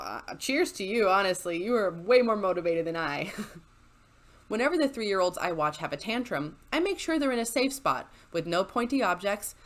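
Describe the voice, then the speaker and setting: A female YouTuber reads a story into a desk microphone at home, her chair squeaking, in a fairly low-pitched but fairly bright voice. She keeps it chatty and sarcastic, adding asides and laughing often between lines.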